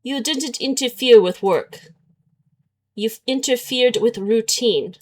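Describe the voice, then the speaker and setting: A woman voicing a terse, unemotional male biker love interest, with a slow, flat, deadpan delivery. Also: extremely high pitch, exaggerated voice.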